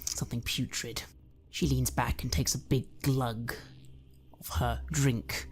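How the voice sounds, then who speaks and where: Low, gravelly-voiced woman game master. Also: flat delivery, a little slow. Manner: atmospheric, descriptive. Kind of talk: narrating a horror tabletop game.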